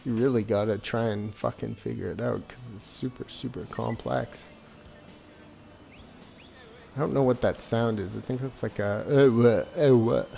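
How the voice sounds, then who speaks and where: Man, sarcastic gameplay commentary, profane, gravelly, faint game music. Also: medium pitch, fairly even intonation, normal speed, dark tone. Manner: sarcastic, swears a lot, mocking laughs. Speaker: gameplay reviewer.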